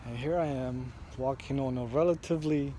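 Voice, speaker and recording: Man, mid pitch, slow reflective vlog storyteller, faint street traffic behind. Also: warm tone. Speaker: vlogger. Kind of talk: first-person storytelling vlog.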